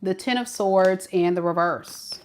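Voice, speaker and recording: A woman giving a live tarot reading, talking in an animated, casual and slangy way. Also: medium pitch, a little slow, slight background noise. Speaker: tarot reader.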